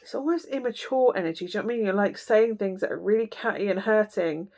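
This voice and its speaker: Speaking fast in a mid-range, slightly mellow voice, a tarot reader addresses her viewers directly as she does a casual reading. Her style is blunt and chatty, loaded with fillers and side comments.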